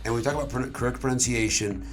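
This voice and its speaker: A man's voice: medium pitch, rapid-fire, soft background music. Earnest male English teacher. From Alaska. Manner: earnest, explanatory. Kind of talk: casual interview.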